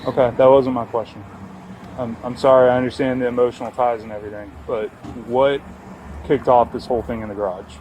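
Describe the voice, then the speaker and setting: Brisk deputy man. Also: medium pitch, highs cut off. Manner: brisk, steady, reads rights matter-of-factly. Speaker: sheriff's deputy. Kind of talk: police questioning. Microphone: body camera. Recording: body camera audio with outdoor noise.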